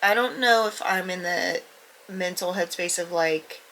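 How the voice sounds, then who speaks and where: Young female book vlogger, stuffy-nosed, bright edge to the voice, candid and self-deprecating, near-whispers at times. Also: on the low side, a little slow, a little hiss or hum, poor audio. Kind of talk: casual vlog talk to camera.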